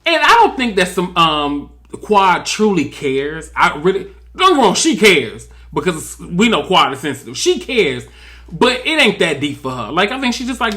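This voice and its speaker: Sassy man, high voice, bright tone, drawling reality TV recap. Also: sing-song, moderate pace. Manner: sassy, drawling, mimics cast members in quotes. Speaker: reality TV commentator. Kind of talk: comedic TV recap commentary.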